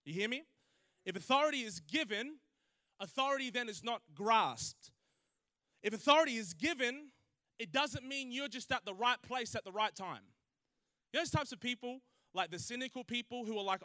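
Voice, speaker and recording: A young male pastor, preaching a sermon in an animated storytelling manner, laughing often and acting out the voices of people in his stories. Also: very high-pitched, normal speed, no echo. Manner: animated, laughing asides, acts out quoted voices.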